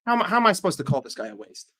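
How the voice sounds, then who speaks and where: A man's voice: high-pitched, big pitch swings, racing, bright, forceful tone. A man hosting a football fan channel, giving a heated, profane and sarcastic rant. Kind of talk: casual ranting commentary.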